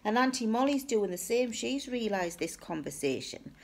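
A woman's voice: lively intonation, normal speed, creaky. A woman telling a funny personal story in a casual, self-mocking way. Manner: chatty, self-mocking, acts out her own high cheery replies.

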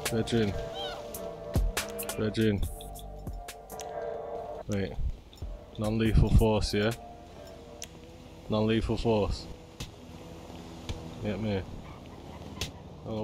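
A man with doing excitable gameplay commentary, yelling and cursing at other players. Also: lowish voice, drawn-out words, pauses often. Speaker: gaming YouTuber. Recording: game music playing underneath.

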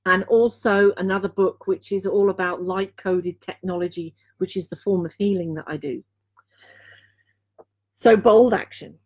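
A woman from Dorset, England, giving a live intuitive card reading as a healer, speaking earnestly and repeating key phrases between filler pauses. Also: mid-range voice, steady tone, a little mellow, slightly rough.

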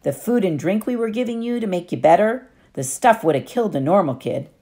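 A woman's voice: mid-range voice, animated, a little fast, mellow, voice pushed up, lightly acted. A woman reading an audiobook, voicing a clever, self-assured teenage girl who explains things patiently and knowingly.

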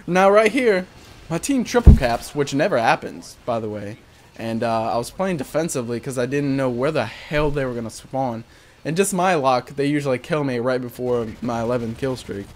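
A man's voice: medium pitch, animated, normal speed, darkish tone. Profane, joking young gamer man. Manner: candid, profane, joking, self-mocking. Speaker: gaming commentator. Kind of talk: casual voice-over commentary on gameplay.

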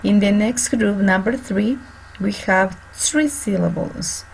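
Gravelly-voiced woman teaching kids. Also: medium pitch, low-quality recording. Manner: slow, repeats and spells out words for students. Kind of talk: online class instruction. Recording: faint background noise.

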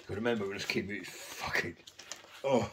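A man's voice: fairly low pitch, normal speed, fairly bright tone, slight background noise. A man casually rambling through anecdotes about his record collection, swearing constantly.

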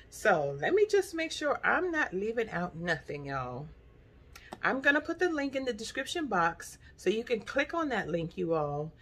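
A woman chatting excitedly to viewers in a casual haul vlog, calling them y'all. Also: mid-range voice. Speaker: vlogger.

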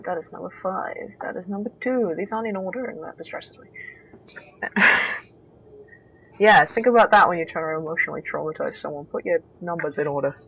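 A woman's voice: on the low side, a little fast, gravelly, fairly bright tone, breathy edge, dull audio. A young woman giving let's play commentary on a horror game, talking to herself, swearing and exclaiming when startled.

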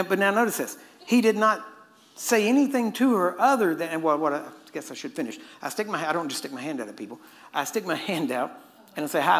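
Emphatic preacher man. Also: on the high side. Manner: emphatic, questioning the audience. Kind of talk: sermon.

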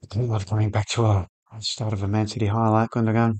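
In casual gameplay commentary, a fast-talking gaming channel host with a fairly low, slightly rough voice covers a football management game. He becomes excitable during the match, yelling at the players on screen.

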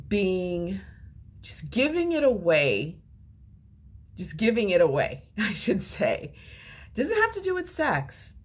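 A middle-aged woman, a relationship advice coach, talking casually to camera as an animated storyteller. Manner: animated storyteller with lively pitch swings.

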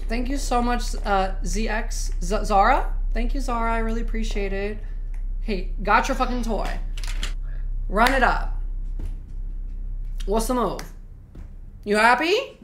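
A woman's voice: a little high, a bit bright, a little hiss or hum. A woman streamer commenting on gameplay live, reacting to chat with slang and swearing.

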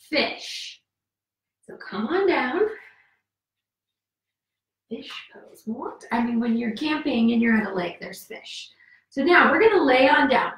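A woman with a high voice leads a kids yoga class in an upbeat, coaxing way, counting out the moves and cheering. She is a little out of breath from the exercise. Her voice comes from some distance off in an echoey room. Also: fairly bright tone.

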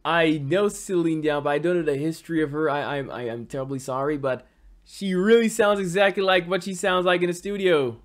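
A man from the Caribbean hosting a reaction channel, talking in a casual, excitable and apologetic way, often stammering and repeating himself. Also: a little high, brisk. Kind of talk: casual music reaction commentary.

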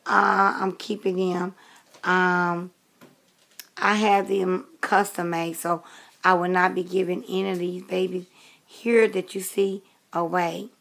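A woman's voice: fairly low pitch, little pitch movement, takes it slowly, vocal fry, fairly bright tone. A woman in her late fifties chatting casually to camera in a rambling way, with many fillers and restarts. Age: 50s. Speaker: vlogger.

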